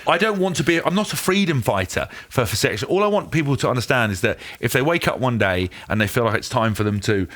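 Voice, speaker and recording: A man in his thirties from England, co-hosting a casual sports chat in an animated, jokey way. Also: medium pitch, quick pace, few pauses. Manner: animated, jokey, self-interrupting. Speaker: podcast co-host, former rugby player.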